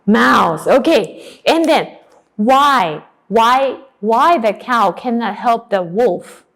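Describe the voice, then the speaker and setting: A young woman runs a lively children's class. Her voice sits fairly high and swoops up and down, and she stretches key words for emphasis. She praises and prompts in quick bursts. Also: gravelly. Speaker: English teacher and teacher trainer. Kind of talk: demo class for young children, then teacher briefing.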